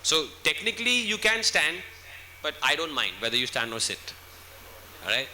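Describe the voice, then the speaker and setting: A man takes questions from a student audience. His voice sits high and rings very bright, with a faint hiss of background noise. He explains patiently and keeps asking "okay?". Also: sing-song, moderate pace. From India. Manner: instructive, repeats "okay?" to check listeners. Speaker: guest speaker answering student questions. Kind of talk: Q&A session at a school event.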